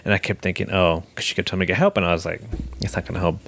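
Young male podcast co-host, very low voice, blunt and self-mocking, swears casually. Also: racing, gravelly, fairly bright tone, slight background noise. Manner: frank, self-deprecating, swears. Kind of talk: candid couple chat.

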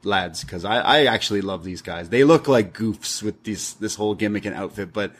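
A man's voice: fairly low pitch, moderate pace, slightly rough. Casual wrestling podcast co-host, man. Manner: jokey, acts out quoted lines in put-on voices. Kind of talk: casual chat.

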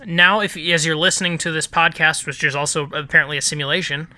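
A podcast co-host adds dry, wry remarks to a casual comic chat. The voice sits at a middling pitch with a bright edge. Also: steady tone, quick pace.

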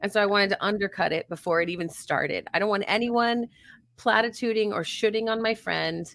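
A woman's voice: mid-range voice, brisk, gravelly, fairly bright tone, dry recording. A woman guest talking about grief support in an earnest, reflective way, laughing now and then. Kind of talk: reflective conversational interview.

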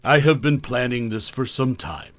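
A man voicing a formal, self-assured male professor who speaks precisely and in measured terms. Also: mid-range voice, fairly bright tone, no echo, natural voice.

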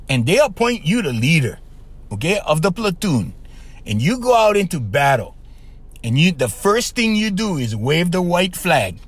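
A man's voice: a little high, husky. A man hosting a podcast, giving relationship advice in an emphatic, casual monologue that keeps checking in with "okay" and "right.". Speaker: podcast host.

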